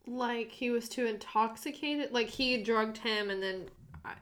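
A young woman with a very high voice chats as a podcast co-host. She reacts to disturbing details with squeamish exclamations and laughter. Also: unhurried, fairly bright tone. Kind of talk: casual chat.

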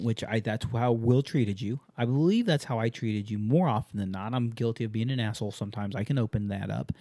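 A young adult man hosting a casual chat, telling stories in a blunt, profane, animated way. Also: medium pitch, dry recording, studio quality.

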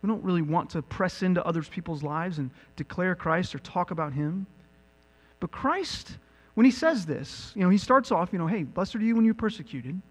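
A man preaching a sermon as pastor, animated and building to emphatic peaks. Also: high-pitched, moderate pace. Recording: long reverb with mains hum.

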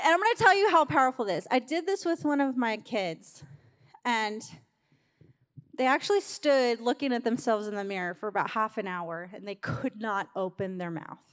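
Woman pastor, fairly high voice, conversational sermon, long church-hall reverb. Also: fairly bright tone. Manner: conversational, urging the congregation along. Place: church sanctuary.

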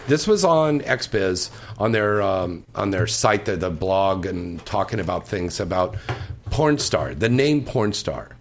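A man's voice: on the low side, a little hiss or hum. A man hosting a casual chat show, joking and teasing his guests. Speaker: host.

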